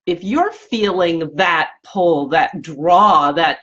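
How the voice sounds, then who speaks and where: Earnest woman, husky and searching. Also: fairly low pitch, slow pace, a bit bright, dull audio. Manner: earnest and searching, with frequent self-corrections and repetitions. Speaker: life coach and podcast host. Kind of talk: reflective personal talk to listeners.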